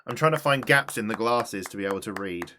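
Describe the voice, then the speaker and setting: A man's voice: fairly low pitch, fairly quick, slight background noise. Casting: man, game streamer, chatty and swearing, voice that leaps up and down. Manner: animated, chatty, swears, talks to chat. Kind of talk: live-stream gameplay commentary.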